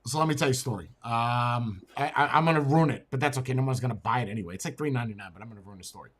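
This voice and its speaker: Blunt husky-voiced man telling a story. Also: medium pitch, rapid-fire. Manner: blunt, repeats words, stammers at starts. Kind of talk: casual debate and storytelling.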